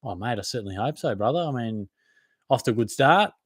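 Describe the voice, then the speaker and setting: A man's voice: mid-range voice, expressive, fairly quick, slightly rough, dry recording, clean studio sound. A young man with an Australian accent hosting a live Q&A, reading out viewer comments and answering in a casual, matey way, often laughing at himself. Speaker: fantasy football podcast host.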